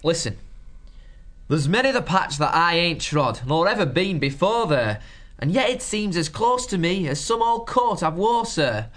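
A man's voice: high voice, sing-song, a little slow, fairly bright tone, pitched above the performer's own voice, exaggerated voice. A man voicing a cheeky, chatty male harvest mouse with folksy rustic speech in a storybook reading. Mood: musing rhyme.

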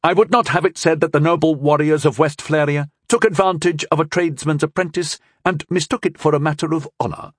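A man doing a haughty teenage squire, pitched high. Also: fairly even intonation, fairly quick, few pauses, dry recording, studio quality, lightly acted. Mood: indignant formal. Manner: stiff, formal and indignant. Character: haughty hot-headed teenage male squire.

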